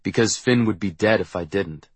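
A man voicing a calm, matter-of-fact teenage boy in an audiobook. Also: on the low side, moderate pace, breathy edge, dry recording. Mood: deadpan. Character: calm teenage boy who will become a god.

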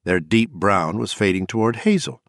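A man narrating an audiobook in a measured, dramatic storytelling manner. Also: fairly low pitch, expressive, gravelly, no room sound, clean studio sound. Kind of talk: scripted narration.

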